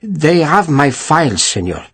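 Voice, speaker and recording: A man's voice: fairly high pitch, very animated, a little slow, fairly bright tone, husky, no room sound, pitched above the performer's own voice, full character voice. A man voicing a nervous, pleading male town official in an audiobook. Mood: anxious. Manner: anxious, pleading.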